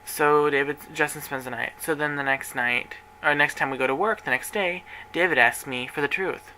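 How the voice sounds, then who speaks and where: Bright-voiced man telling a personal story. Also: a little high, moderate pace, slight background noise, poor audio. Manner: rambling, emotional retelling with acted-out quotes. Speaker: workplace manager. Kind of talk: confessional vlog storytelling.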